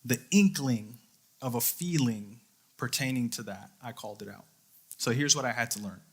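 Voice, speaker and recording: With a medium-pitched voice that has a breathy edge, a young youth leader preaches at normal speed. His sermon is earnest personal storytelling, his thoughts acted out in quoted inner voice.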